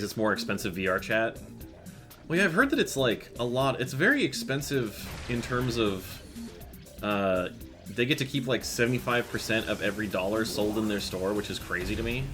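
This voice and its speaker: Male streamer, low voice, chatty and muttering, game music loud behind. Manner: chatty, reads chat aloud, mutters to himself. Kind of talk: casual gameplay commentary.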